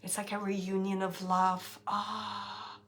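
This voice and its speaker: Bright-voiced woman giving a halting psychic reading. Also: mid-range voice, level tone, a little hiss or hum. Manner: halting, searching, thinking aloud; laughs often. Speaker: psychic medium. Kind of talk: relaying a spirit reading.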